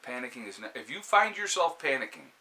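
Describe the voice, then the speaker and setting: A man with a New York accent, hosting a casual live stream and giving steady, calm advice with plenty of fillers and restarts. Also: medium pitch, fairly quick, poor audio. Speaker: prepper channel host. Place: indoors by a fire, with a cat nearby.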